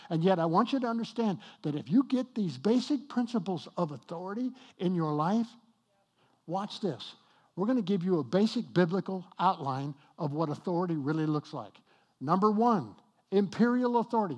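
Male pastor, high-pitched, emphatic sermon delivery with light banter to the congregation. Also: lively intonation, darkish tone, husky. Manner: emphatic, slows and rises on key points, jokes with the congregation. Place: church with congregation.

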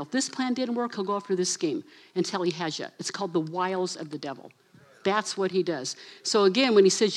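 A woman delivering a casual, energetic sermon to her congregation. She slips into little voices to act out her stories and speaks straight to the crowd. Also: mid-range voice. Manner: animated, acts out voices, addresses assistant for slides. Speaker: preacher. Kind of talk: lively sermon.

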